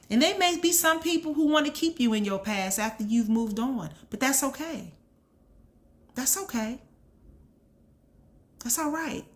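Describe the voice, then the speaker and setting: A mother talking earnestly to her viewers about faith and self-reflection, preaching in a casual way and repeating key lines for emphasis. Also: fairly high pitch. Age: adult with a son. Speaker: channel host. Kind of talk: motivational faith talk.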